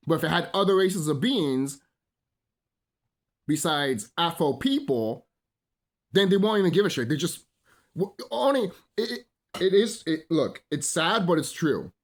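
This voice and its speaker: Male channel host, higher voice with a swooping delivery, rambling and profane in his casual talk. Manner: rambling and emphatic, heavy swearing; repeats phrases and asks "you know?". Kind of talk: casual unscripted monologue.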